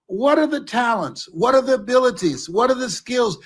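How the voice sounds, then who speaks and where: An older man giving a motivational talk, his voice pitched high and swinging widely as he tells stories. He often rises to a shout for emphasis. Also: normal speed. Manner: animated storytelling, shouting for emphasis. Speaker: motivational speaker.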